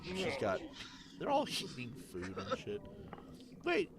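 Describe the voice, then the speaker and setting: Excitable swearing male gaming streamer. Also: fairly high pitch, slow pace, heavy background noise. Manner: excitable, sarcastic, swears, laughs often. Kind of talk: casual gameplay commentary.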